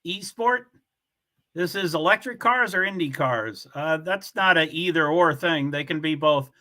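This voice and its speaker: A man's voice: on the high side, lively intonation, measured pace, pushed and bright. A man hosting a casual livestream, chatting with viewers and reading their comments aloud in a blunt, offhand way. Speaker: livestream host.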